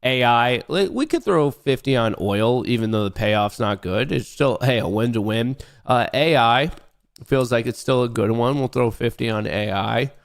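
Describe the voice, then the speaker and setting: A man hosting a casual livestream, talking to his chat in an excitable, rambling way and swearing freely. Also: mid-range voice, moderate pace. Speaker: livestream host.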